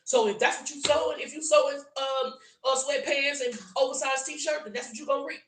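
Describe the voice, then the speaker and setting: A woman's voice: high voice, steady tone, fairly quick, reverberant, noisy background. A woman with a South Louisiana Southern drawl giving a blunt, profane, preachy tarot reading. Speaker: tarot reader. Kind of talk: solo tarot reading monologue.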